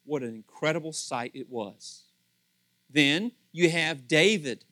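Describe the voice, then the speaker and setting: A male pastor giving a sermon in a chatty storytelling way, acting out little scenes and swinging from loud to soft. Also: fairly high pitch, animated, takes it slowly, no room sound. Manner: conversational storytelling, acts out voices.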